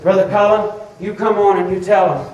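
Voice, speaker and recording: A man's voice: high voice, steady tone, fairly quick, a little mellow, muffled recording. A man preaching a fervent sermon, calling on listeners by name and rising into a chanted, sing-song delivery. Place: church sanctuary. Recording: echoey church room.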